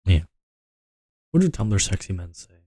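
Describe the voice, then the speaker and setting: Low-voiced man mumbling stream chat. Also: big pitch swings, measured pace, warm tone, no echo, clean studio sound. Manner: meandering, mumbling, trailing off. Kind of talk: casual livestream chat.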